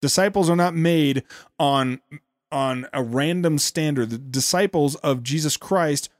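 A man's voice: fairly high pitch, measured pace, dry recording, studio quality. A man hosting a show, giving an indignant, sarcastic running commentary on a speech clip. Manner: indignant, sarcastic, repeats words when heated. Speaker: podcast host.

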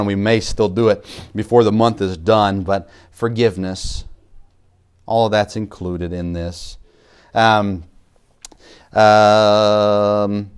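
Male pastor, lower voice, relaxed conversational sermon with digressions. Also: clean tone. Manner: conversational, self-interrupting, laughs at own asides.

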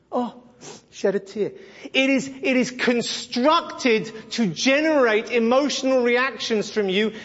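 High-voiced man preaching bluntly in a hall. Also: a bit bright. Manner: blunt, sarcastic, mimics voices for effect. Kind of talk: sermon-style Bible teaching. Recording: dull recording with long hall reverb.

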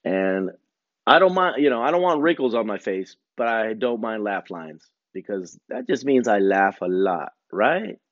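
A fairly low, sing-song voice belongs to a podcast host in his forties who speaks at a moderate pace; the recording is muffled with no echo. His relaxed monologue is meandering, foul-mouthed, and self-deprecating.

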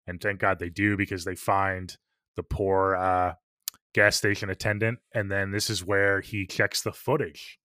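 A man with a deep, forceful, bright voice co-hosts a podcast, talking a little slowly and with little pitch movement. He discusses a film casually and enthusiastically, swears freely, and uses many fillers, in a studio-quality recording with no echo.

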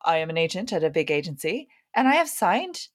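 A woman with a notably low voice, speaking as a talent agent in a relaxed panel Q&A. She talks frankly and upbeat, with easy laughter in her manner. Her delivery is conversational and direct. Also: a little fast. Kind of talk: casual panel Q&A.

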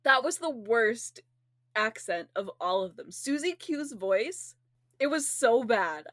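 Woman, casual co-host, higher voice, dry close sound, giggly and animated. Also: slow, no room sound. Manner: giggly, laughs often, animated. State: laughing to tears at times. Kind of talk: casual chat.

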